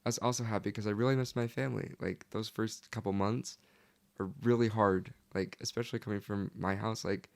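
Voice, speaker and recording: A young man appears as a podcast guest, his slightly low, darkish voice threaded with gravelly fry. Speaking briskly in a steady tone, he tells his story earnestly and casually, leaning heavily on "like" throughout.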